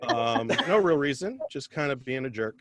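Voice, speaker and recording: A man's voice: medium pitch, expressive, moderate pace, over a noisy crowd. A man doing a self-deprecating stand-up comedy set over a video call, chatting with viewers between jokes.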